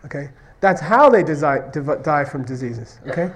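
Man lecturing with a fairly high voice. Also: animated, moderate pace. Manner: repeatedly checks understanding with "okay?" and "you see what I mean?"; tells stories, acting out question-and-answer exchanges. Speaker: Buddhist philosophy teacher. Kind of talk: conversational classroom lecture.

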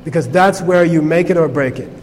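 A man's voice: on the high side, brisk, big-room sound, a little hiss or hum. A man teaching a Buddhist class in a conversational way, checking in with his listeners with frequent "okay?". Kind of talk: informal class lecture.

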